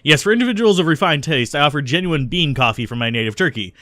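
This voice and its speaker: A man reading out the lines of a friendly male shopkeeper pitching coffee in a game, in a plain read-aloud voice. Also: expressive, fast, sharp tone, dry recording. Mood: salesy.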